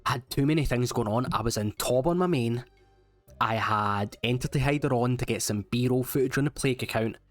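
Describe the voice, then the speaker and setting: A man's voice: medium pitch, a little fast. Male gaming vlogger, wry self-mocking voice-over, faint music bed. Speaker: gaming YouTuber. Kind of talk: casual game commentary voice-over.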